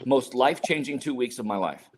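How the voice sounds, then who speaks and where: Animated older male storyteller. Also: mid-range voice, brisk, breathy edge. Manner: animated storyteller acting out quotes. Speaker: podcast guest. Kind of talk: storytelling interview.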